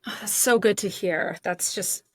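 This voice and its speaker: A woman's voice: mid-range voice, normal speed, a bit bright, no room sound. A middle-aged woman hosting a podcast, talking in a reflective, rambling way about her own time as a contestant years ago. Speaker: podcast host, former cooking show contestant. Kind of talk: casual interview chat.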